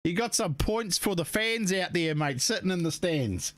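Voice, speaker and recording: Laid-back Kiwi race commentator, matey. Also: male voice, sits high, animated, normal speed, fairly bright tone, no room sound. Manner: laid-back, matey, peppers talk with "mate" and "eh". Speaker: race commentator and stream host. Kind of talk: casual live race commentary.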